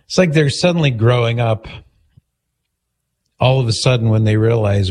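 A man's voice: medium pitch, expressive, moderate pace, darkish tone. A male radio talk show host, bantering and teasing his co-host in a jokey way.

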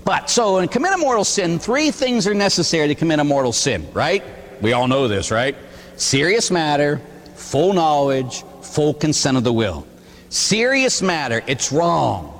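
A man, a Catholic priest, preaching a sermon in a conversational, animated way, with rhetorical questions and a touch of humor. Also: a little high, normal speed, big-room sound.

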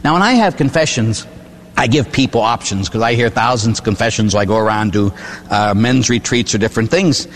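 A man's voice: on the low side, brisk, long reverb tail. An older man from Pittsburgh, a priest preaching a sermon in a folksy storytelling way, asking "huh?" and acting out voices. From Pittsburgh, USA. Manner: folksy storytelling, tag questions, acts out voices.

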